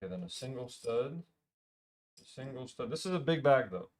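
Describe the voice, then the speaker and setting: A man's voice: mid-range voice, expressive, normal speed. A man streaming a LEGO build, chatting casually, muttering piece counts to himself and swearing now and then. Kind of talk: casual live-stream chat.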